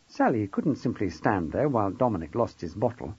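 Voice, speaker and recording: A man narrating an audiobook with wry, expressive storytelling. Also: fairly low pitch, brisk, breathy edge, dry recording. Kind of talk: scripted narration. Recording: dull dry close recording.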